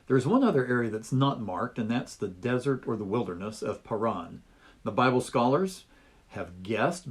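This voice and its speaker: A man teaching a Bible study lesson over slides, explaining in a measured, folksy way. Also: medium pitch, husky.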